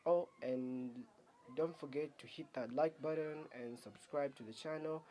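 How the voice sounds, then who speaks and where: A man reviewing his own manga chapter for a video, talking casually in a halting, rambling way full of fillers. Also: a little high, mellow.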